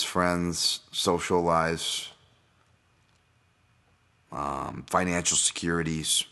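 A man's voice: sits low, a bit bright. A man hosting a solo podcast, talking in a profane, candid, ranting way. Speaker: podcast host.

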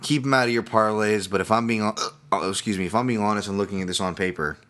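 A man's voice: lowish voice, fast talker, a bit bright. A middle-aged man hosting a podcast, talking casually about fights and betting odds while hiccuping, in a rambling, self-deprecating way with frequent restarts. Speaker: podcast host. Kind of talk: casual sports betting talk.

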